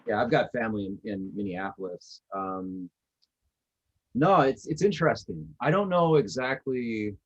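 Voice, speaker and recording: Man from Wisconsin, podcast co-host, husky, laid-back, somewhat muffled audio. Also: on the low side, expressive, normal speed. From Northeastern Wisconsin. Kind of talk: casual chat.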